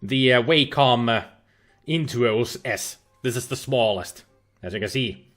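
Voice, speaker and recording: A man's voice: medium pitch, a little slow, a bit bright, soft background music. A man casually chatting and rambling on a livestream while playing an adventure game, using a webcam and laptop setup. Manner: chatty, rambling, with frequent fillers and restarts. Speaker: game streamer.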